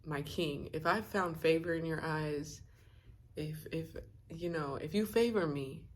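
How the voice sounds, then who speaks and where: A woman's voice: low voice, measured pace. Woman doing a brave, pleading young queen. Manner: earnest, pleading.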